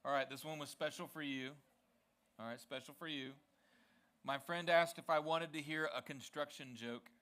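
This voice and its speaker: A man's voice: fairly high pitch, fairly even intonation, normal speed, bright, forceful tone. A man hosting a student ministry service from a church stage, chatting casually with the young crowd and checking in with them often. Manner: upbeat, coaxing, checks in with the crowd.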